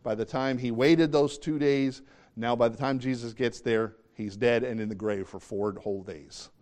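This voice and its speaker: A man preaching a sermon, reading scripture and acting out quotes, swinging between hushed and loud delivery. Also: mid-range voice, steady tone, moderate pace.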